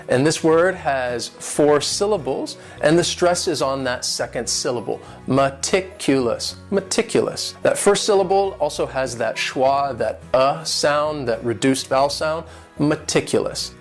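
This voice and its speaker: Patient man teaching word pronunciation. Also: fairly high pitch. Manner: clear, patient, spells out syllables and stress. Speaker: English teacher. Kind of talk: vocabulary and pronunciation lesson.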